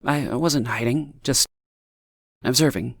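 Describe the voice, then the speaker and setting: A man voicing a shy, anxious young woman who speaks hesitantly and quietly. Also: rumbling low, a little slow, creaky, pitched above the performer's own voice, heavily acted. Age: young adult.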